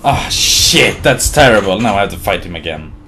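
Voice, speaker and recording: A man giving gameplay commentary, muttering quietly between excitable, laughing outbursts at the game. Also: sits low, moderate pace, a little hiss or hum. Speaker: let's play host.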